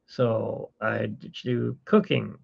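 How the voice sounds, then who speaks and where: A man's voice: lowish voice, fairly even intonation, drawn-out words, gravelly, husky. A man hosting a casual live-stream chat, rambling and self-mocking with corny jokes. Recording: dull lo-fi stream audio.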